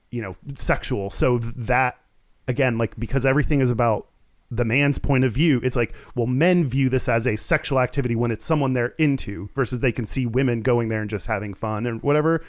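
A Houston, Texas man co-hosts a casual podcast, rambling through the chat with lots of fillers and self-mocking asides. His voice is medium in pitch, with no echo.

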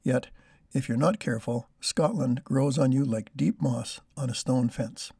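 A Canadian man hosting and telling of a long walk, measured and storytelling. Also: mid-range voice, creaky, warm tone, slightly rough, no echo, studio quality. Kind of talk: reflective narration and chat.

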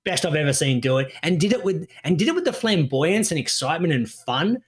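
Brief: male co-host, sweary and animated, slightly high voice. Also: fairly quick. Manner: swears freely, animated storytelling. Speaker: podcast co-host. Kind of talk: casual chat.

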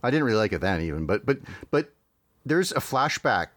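A man's voice: on the low side, very animated, a little fast, fairly bright tone, no room sound, clean studio sound. A man hosting a podcast, chatting casually with many fillers and restarts. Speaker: podcast host.

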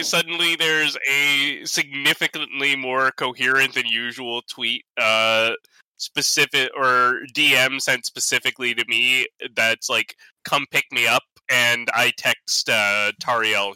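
A man's voice: mid-range voice, fairly even intonation, unhurried, pushed and bright, smooth, no room sound, poor audio. A man playing a tabletop game, chatting casually in a rambling way full of fillers. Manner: rambling, lots of fillers and laughs. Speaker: player.

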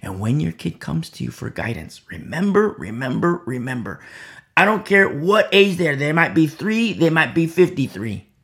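A male preacher delivering a sermon, his pitch swinging widely as he drives his points home. His voice has a gravelly edge. He keeps repeating phrases and tossing out "You see?", dropping at times to near whispers. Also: sing-song, moderate pace. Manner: swings between loud emphasis and quiet asides. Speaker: Bible teacher.

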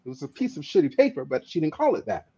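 In dull lo-fi audio, a man talking as an activist guest relates a story with passion, pressing his points and often tripping over repeated words. He talks fast in a slightly high, warm voice with a breathy edge and huge pitch swings.

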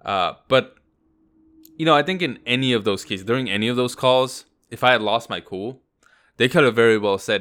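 A man's voice: medium pitch, normal speed, fairly bright tone. A man co-hosting a podcast, telling a long personal story in a rambling, casual way. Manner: rambling anecdote with acted-out quotes. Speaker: podcast co-host.

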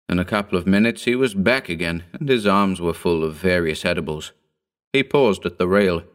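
A man reads a horror short story aloud, measured and solemn. His voice sits on the low side, and he lets each sentence unfold steadily. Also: clear, resonant tone. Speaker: reader.

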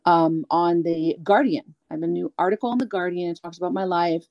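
A woman being interviewed as a guest singer, talking candidly and at length, animated, acting out the people she quotes. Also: lowish voice, a little fast, no echo, lo-fi sound. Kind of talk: candid storytelling chat.

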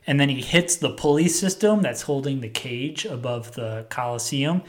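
A man's voice: mid-range voice, normal speed, a little hiss or hum. A man casually telling a long story, with lots of fillers and acted-out quotes. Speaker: storyteller pitching a plot. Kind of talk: casual chat.

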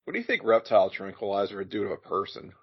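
A man's voice: lowish voice, very animated, quick pace, vocal fry, slightly rough. A man guesting on a podcast, rambling with dry jokes and lots of fillers. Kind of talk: casual live-watch chat. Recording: dull lo-fi sound.

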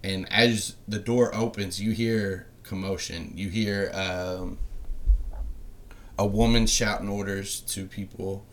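Man, low voice, game master narration, easygoing and filler-heavy, light background hiss. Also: takes it slowly. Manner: relaxed, rambling narration with many fillers.

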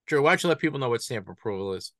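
Boston guy hosting a card podcast, bright forceful voice, dry close mic, trips over his words a lot. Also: medium pitch, racing, dry recording, faint music behind. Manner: animated, stumbling restarts, laughs easily. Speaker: podcast co-host. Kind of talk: casual chat.

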